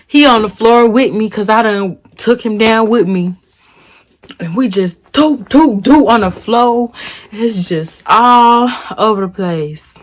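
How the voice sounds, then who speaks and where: A woman in her twenties telling a dramatic story in a casual vlog, animated and full of slang. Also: mid-range voice, slow. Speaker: vlogger.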